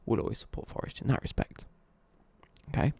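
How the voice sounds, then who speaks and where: A man's voice: brisk, darkish tone, dry recording. A young man, chatting casually on a live stream, rambling, correcting himself and swearing lightly as he answers viewer questions. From East Midlands, England.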